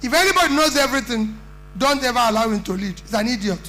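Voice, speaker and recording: A man's voice: very high voice, animated, fast, pushed and bright, soft background music, rough recording. A middle-aged Nigerian man with a Nigerian accent giving an earnest, plain-spoken conference speech. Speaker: political speaker.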